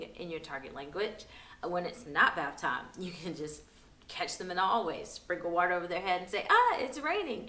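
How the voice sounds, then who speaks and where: A woman's voice: fairly low pitch, a bit bright. A young woman giving parenting tips in a casual, upbeat vlog, chatty and laughing easily. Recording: roomy echo.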